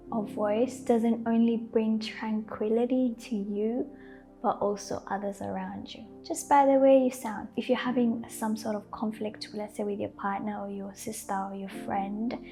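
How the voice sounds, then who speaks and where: A young woman talks softly and casually, with a mellow, somewhat high voice. She laughs easily and often says "like" as she gives gentle advice. Faint music plays behind her. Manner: gentle, soft-spoken, laughs often, uses "like" a lot. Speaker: lifestyle vlogger. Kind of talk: casual advice talk to camera.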